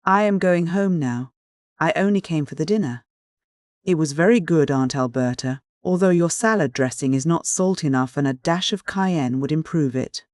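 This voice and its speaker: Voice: mid-range voice, expressive, normal speed, darkish tone, no echo, clean studio sound, lightly acted. A reader voicing a defiant, outspoken young woman in an audiobook, with a tart, cutting delivery.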